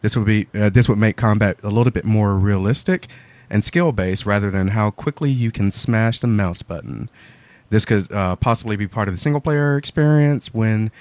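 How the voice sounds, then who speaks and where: Casting: man with a low voice, dry close sound, podcast co-host reading mail. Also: moderate pace, darkish tone, dry recording. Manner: laughs often while reading aloud. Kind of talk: casual chat, reading listener mail.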